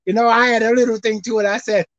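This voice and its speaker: A woman preaching a sermon in a casual, folksy way, swinging between shouted highs and low murmurs. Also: level tone, fast talker, no room sound. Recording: dull lo-fi recording.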